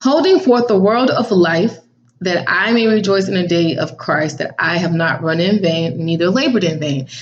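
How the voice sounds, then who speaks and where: A woman talks in a lively, slangy way in a casual faith vlog, often breaking into laughter. Her voice sits low for a woman, and the recording is dull and muffled. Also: normal speed, slight background noise. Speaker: vlog host.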